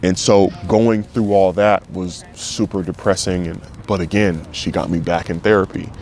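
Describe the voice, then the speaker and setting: A man's voice: low voice, steady tone, normal speed, a little mellow. A man in his thirties, a former football player, speaking openly and emotionally in an interview, swearing freely. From United States. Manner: frank and emotional, swears freely, acts out quoted voices. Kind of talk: candid interview.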